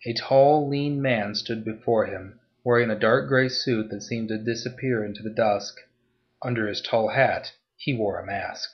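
A man giving a steady, scripted narration of a story. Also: medium pitch, normal speed, lo-fi sound.

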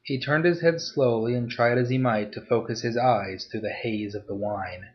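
A man's voice: medium pitch, normal speed. Man narrating a story, dull lo-fi sound.

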